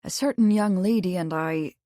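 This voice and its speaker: A woman's voice: fairly low pitch, moderate pace, mellow, dry recording, studio quality, natural voice. A woman voicing a young male royal guard who speaks firmly and a little stiffly. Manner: firm, clipped, then awkward.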